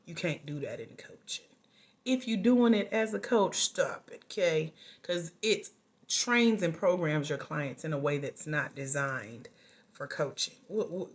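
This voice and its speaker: Sassy animated woman, lowish voice. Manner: sassy, preachy, animated with asides to viewers. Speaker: life coach trainer. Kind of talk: casual livestream talk. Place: at home.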